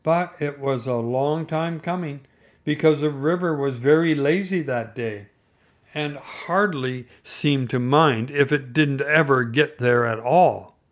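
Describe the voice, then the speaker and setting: A man reading a bedtime story aloud in a gentle, measured way. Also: medium pitch.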